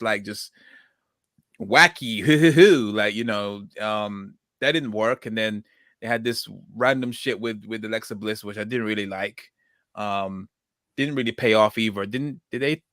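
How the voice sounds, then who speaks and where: A man hosting a casual chat with an ordinary, mid-pitched voice. He rambles and hesitates, stumbling and restarting his sentences. The recording is dry and close to the mic. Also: fairly bright tone, dry recording. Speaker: podcast host.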